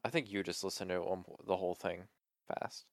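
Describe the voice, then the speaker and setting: A young man with a low voice co-hosts a casual chat show. He talks loosely, full of fillers and the odd swear word. The sound is dry and close. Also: fairly even intonation, fast talker, gravelly, no echo. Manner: loose, swears often, trailing filler words. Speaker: podcast co-host.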